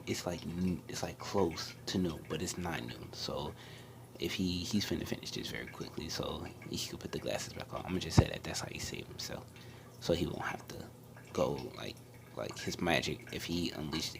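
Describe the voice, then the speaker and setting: Deep-voiced young man hushing through a story. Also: normal speed, vocal fry, background noise. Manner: hushed, often half-whispered, rambling with many restarts and fillers. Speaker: anime storyteller. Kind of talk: casual fan-story retelling.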